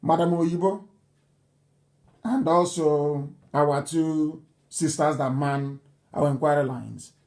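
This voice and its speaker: A man's voice: on the high side, slow pace, long pauses, a little mellow. A Nigerian man hosting a live broadcast, speaking emphatically and repeating his points insistently. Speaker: broadcast host. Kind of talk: live radio broadcast address.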